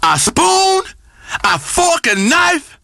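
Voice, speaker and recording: An actor playing a crude, boastful male spiritual-guru radio host, preaching loudly and swinging between growls and shouts. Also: very high-pitched, big pitch swings, very slow, gravelly, no room sound, clean studio sound, full character voice. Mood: brash. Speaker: radio talk show host. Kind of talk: comedic radio talk show.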